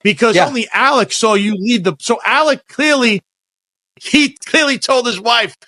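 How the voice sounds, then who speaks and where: A man's voice: very high-pitched, moderate pace, bright, forceful tone, dry recording. A man hosting a podcast interview in a casual, rambling way, often restarting his sentences. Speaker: podcast host.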